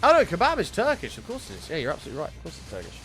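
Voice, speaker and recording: A young man chatting casually with viewers while streaming a game, excitable and swearing freely. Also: fairly high pitch, rapid-fire, music in the background. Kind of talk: casual live-stream chat.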